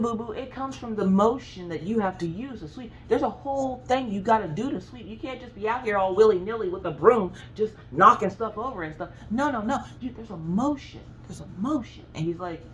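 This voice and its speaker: A woman from the American South with a Southern accent, telling a story in a chatty, animated way, full of asides. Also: fairly high pitch, a little fast, a little hiss or hum, low-quality recording. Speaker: craft vlogger. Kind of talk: casual storytelling chat.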